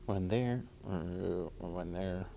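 A man's voice: deep voice, slow pace, gravelly, dark tone. A man giving casual gameplay commentary, sarcastic and grumbling, swearing at enemies. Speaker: gaming streamer. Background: game music.

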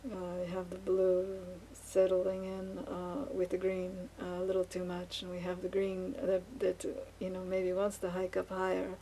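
Speaking to the camera as she paints, a woman with a lowish, dark, mellow and slightly gravelly voice rambles and muses, tripping over fillers and restarts in a mostly flat delivery. The low-quality audio has a faint hiss.

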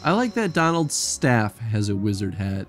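Man co-host of a game video, lively intonation, faint game music behind. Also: lowish voice, moderate pace. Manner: joking and chatty, with laughs. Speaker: let's play co-host. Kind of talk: casual gameplay commentary.

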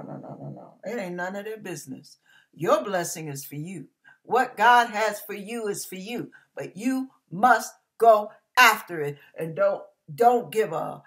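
A woman's voice: medium pitch, fairly bright tone. A middle-aged woman preaching an emphatic, fiery, folksy sermon.

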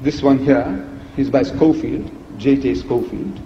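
A man giving an emphatic public lecture, asking rhetorical questions with a lively, teasing delivery, heard on an archive recording. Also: medium pitch, unhurried, slight background noise. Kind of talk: public lecture played in a reaction video. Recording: echoey hall, dull lo-fi archive recording.

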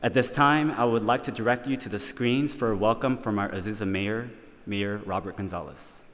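A man hosting a university welcome event, speaking in an earnest, measured way and leading a spoken prayer. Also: fairly low pitch, a bit bright, long reverb tail, a little hiss or hum.

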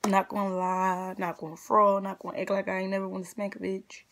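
A woman's voice: mid-range voice, little pitch movement, fairly quick, fairly bright tone. A young adult woman vlogger telling a casual storytime rant, blunt, profane and exasperated, full of slang.

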